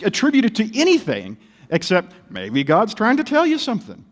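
Male pastor giving a sermon, lively wry storytelling, big echoey hall. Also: sits high, brisk. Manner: animated storytelling with wry humor.

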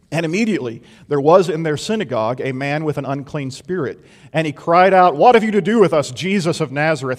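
Brief: male preacher, mid-pitched, dynamic sermon delivery with rhetorical questions, long hall reverb. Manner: dynamic, swings from loud emphasis to hushed intensity, rhetorical questions.

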